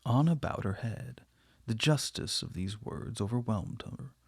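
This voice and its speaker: A man reading a classic novel aloud in a measured, steady way. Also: fairly low pitch, slightly rough, dry recording, clean studio sound. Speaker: audiobook reader.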